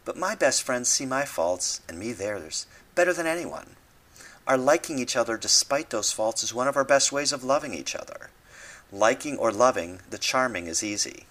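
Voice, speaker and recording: A man's voice: mid-range voice, lively intonation, moderate pace, a bit bright. A man reading his own devotional essay aloud, with dry humorous asides and mock translations.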